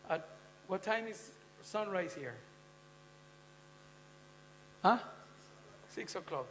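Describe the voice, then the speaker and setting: In a temple hall, a man with a high, gravelly, fairly bright voice leads a devotional scripture class, speaking slowly and expressively with long pauses. He keeps it conversational, quizzing listeners with "huh?" and "you know?" as he goes. The recording has long hall reverb and a faint mains hum.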